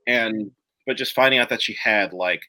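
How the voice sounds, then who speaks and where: A man who writes comics, talking casually as a guest, animated and quick to laugh, with many fillers. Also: fairly low pitch. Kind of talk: casual conversation.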